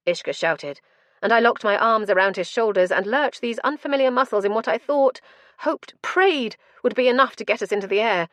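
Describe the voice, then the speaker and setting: A woman's voice: mid-range voice, dry recording, clean studio sound. A woman narrating a first-person fantasy audiobook in an intense, dramatic storytelling manner.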